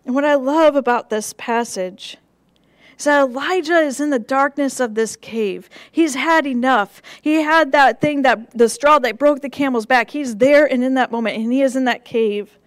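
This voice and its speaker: A woman pastor delivering a sermon in a gentle, measured way, with rhythmic repeated phrases and soft drops for emphasis. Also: high-pitched, no echo.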